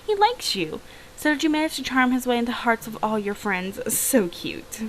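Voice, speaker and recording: A woman's voice: a little high, very animated, moderate pace, fairly bright tone, slight background noise, poor audio. Bubbly gushing villager, read by a woman. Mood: cooing. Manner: cooing, bubbly, rambling. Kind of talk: reading game dialogue aloud.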